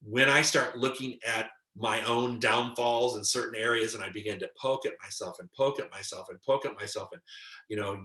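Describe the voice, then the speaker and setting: A man's voice: mid-range voice, moderate pace, sharp tone. A man giving a live-streamed spiritual teaching talk and taking viewer questions. He speaks in an earnest, emphatic way and acts out his own inner voice. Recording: roomy echo.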